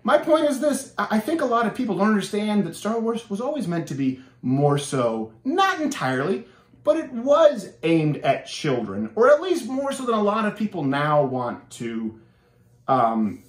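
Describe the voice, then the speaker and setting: In a roomy recording, a young show host from Canada speaks with a voice that sits high. He delivers a sarcastic, animated, opinionated monologue, restarting himself again and again.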